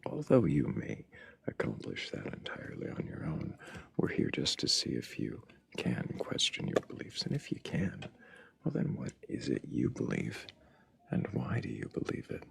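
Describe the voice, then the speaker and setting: A man hosting a live talk stream in a dry, teasing way. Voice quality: deep gravelly voice. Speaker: host.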